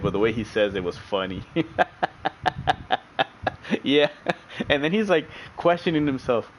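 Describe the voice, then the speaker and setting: A man streams sim racing and chats casually with viewers, laughing often and repeating himself. His voice is mid-range, and the recording is rough.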